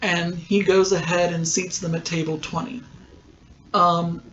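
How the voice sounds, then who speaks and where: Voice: medium pitch, flat delivery, a little slow, a bit bright, a little hiss or hum. A podcast host giving a casual, rambling recap of a TV episode, full of ums and likes. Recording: dull lo-fi sound.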